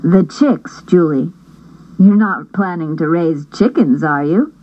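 A woman's voice: lowish voice, expressive, slow pace, dark tone, dull audio. A woman voicing a skeptical, worried mother who asks doubtful questions.

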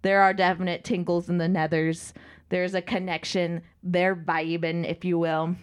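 A woman's voice: on the low side, little pitch movement, normal speed, smooth. Woman on a book podcast, chatty and irreverent, swears a bunch. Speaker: podcast co-host. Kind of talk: casual book recap chat.

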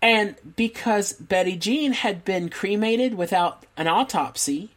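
A woman's voice: medium pitch, a little slow, noisy background. A woman co-hosting a podcast, telling a true crime case in casual chat, laughing and adding asides as she goes. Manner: laughs often, relaxed storytelling with asides.

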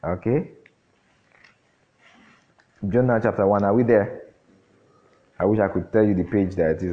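A man preaching a sermon, often throwing questions at the congregation and filling pauses with "um". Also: fairly low pitch. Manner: call-and-response questions, frequent fillers. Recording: dull lo-fi recording.

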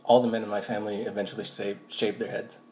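A man's voice: lowish voice, flat delivery, fast talker, warm tone, a little hiss or hum. A man hosting a podcast in casual chat, an easygoing, self-deprecating storyteller. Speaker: podcast host.

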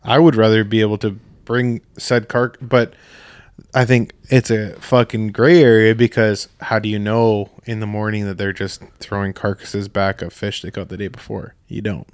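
A man's voice: on the low side, little pitch movement, normal speed, clean tone, no echo, studio quality. A man chatting casually about fishing, laid-back and profane, laughing often.

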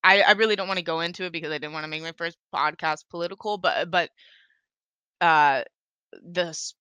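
A woman's voice: deep voice, pushed and bright, smooth, no room sound. A young woman hosting a casual solo podcast, rambling and swearing a lot. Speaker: podcast host.

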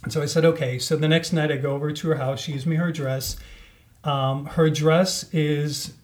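A man telling a personal story in a relaxed podcast conversation, acting out the voices of the people in it. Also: a little high, moderate pace. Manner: animated, acts out quoted voices. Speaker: podcast guest. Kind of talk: casual storytelling.

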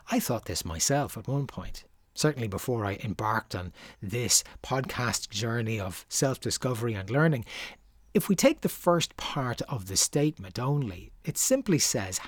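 A man hosting his own podcast, delivering a scripted, reflective monologue with measured pacing and emphasis on key words. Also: medium pitch, no room sound. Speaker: podcast host.

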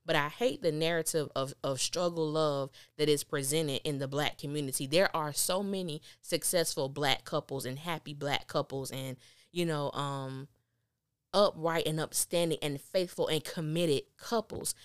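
A woman reviewing a TV episode in casual podcast chat, animated and acting out the characters' lines. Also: sits low, moderate pace, smooth, dry recording, clean studio sound. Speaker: TV recap podcaster.

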